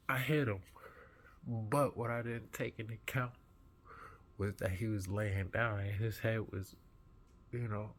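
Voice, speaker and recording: A man who has just woken up, earnestly retelling a dream in a vlog with an animated manner. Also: on the low side, slight background noise. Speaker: vlogger. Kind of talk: recounting a dream.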